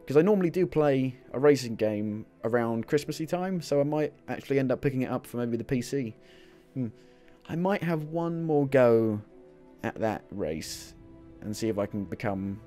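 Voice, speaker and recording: A man doing gameplay commentary, excitable, swearing at the game and laughing at himself. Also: mid-range voice, moderate pace, soft background music. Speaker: gaming video creator. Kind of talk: let's-play gameplay commentary. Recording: racing car engine noise behind. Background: car engines from the game.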